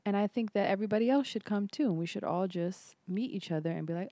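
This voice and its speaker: A woman's voice: medium pitch, fast talker, hardly any pauses, mellow, dry recording. A woman co-hosting a podcast, chatting in an upbeat way and laughing easily. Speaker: podcast co-host. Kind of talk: casual chat.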